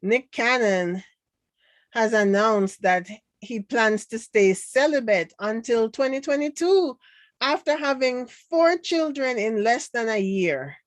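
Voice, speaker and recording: A woman's voice: fairly high pitch, expressive, slow pace, no room sound. A Jamaican woman with a light accent, casually chatting and reading viewer comments in a sarcastic, laughing way. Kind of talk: casual chat.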